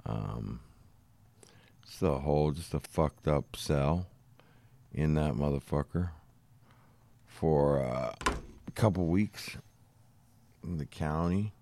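A man's voice: rumbling low, slow, creaky, pauses often, warm tone, a little hiss or hum. A man co-hosting a podcast, chatting in a laid-back, blunt way with casual swearing. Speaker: podcast co-host. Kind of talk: casual chat.

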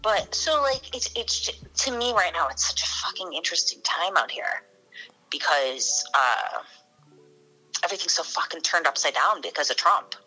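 Bright-voiced lowish woman comic from chicago, middle-aged, acts out everyone she quotes, curses a lot, faint music behind. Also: moderate pace, breathy edge, poor audio. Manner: animated storyteller, acts out quotes, swears freely. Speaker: comedian, podcast guest. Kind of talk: casual podcast chat.

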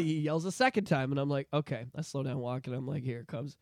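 A man co-hosting a podcast, telling stories in a rambling, animated way with many restarts. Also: mid-range voice, fast talker, no echo, studio quality. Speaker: podcast co-host. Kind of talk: casual podcast chat.

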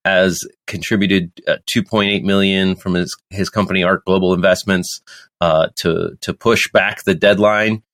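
A man's voice: low-pitched, fairly even intonation, moderate pace, fairly bright tone. A man hosting a casual podcast chat, joking sarcastically, laughing often and restarting his sentences. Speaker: podcast host.

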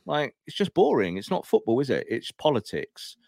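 A man's voice: mid-range voice, gravelly, no echo. Emphatic man in a dry room. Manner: animated, emphatic, quick asides. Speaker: podcast co-host. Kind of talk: opinionated football talk.

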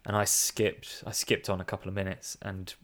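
Male podcast co-host, lowish voice, playful and chatty, quick to laugh. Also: monotone, a bit bright. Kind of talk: casual film review chat.

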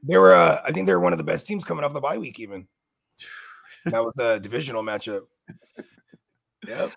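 A man co-hosting a casual podcast chat, slangy, animated and swearing freely. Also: medium pitch, fairly quick, gravelly, dry recording, clean studio sound. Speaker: co-host.

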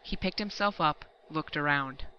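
A woman narrating a science fiction story aloud in a steady, measured audiobook reading. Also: low voice, clear, resonant tone, muffled recording. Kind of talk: scripted narration.

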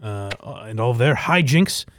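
A man's voice: mid-range voice, lively intonation, moderate pace, a bit bright, no echo, clean studio sound. A man in his forties hosting a podcast, rambling in casual chat with many fillers and laughs. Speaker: podcast host.

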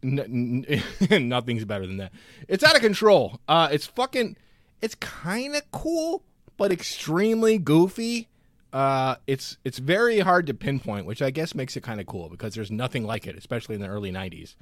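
A man's voice: medium pitch, normal speed, no room sound, clean studio sound. A man co-hosting a podcast, chatting loosely about films and swearing freely. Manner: loose, swears a lot, lively. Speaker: podcast co-host. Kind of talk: casual movie chat.

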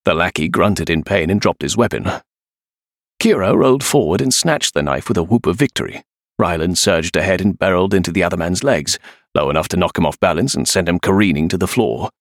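A man reading an adventure novel aloud with a deep, gravelly voice. His storytelling rises and falls with lively expression, and the recording is close and dry with no room echo. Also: fairly quick. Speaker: audiobook narrator. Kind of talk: scripted narration.

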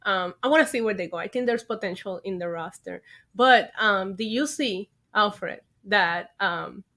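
A woman co-hosting a podcast, chatting casually about wrestling in relaxed banter. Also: mid-range voice, moderate pace. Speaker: podcast co-host.

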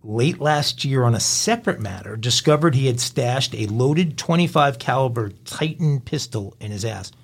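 A middle-aged man of medium pitch hosts a crime podcast, moving at a normal speed with lively intonation, vocal fry, a breathy edge and hardly any pauses. Wry and chatty, he tells stories and reads out headlines in a casual podcast style.

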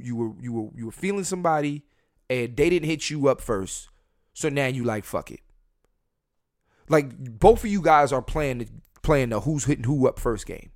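Rich: A man rants on his own podcast from a room at home, his pitch swinging widely as he gets going. He talks bluntly and swears freely, addressing the listeners directly. He often repeats words and restarts his sentences. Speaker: podcast host. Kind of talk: casual solo podcast rant. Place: home room near a window.

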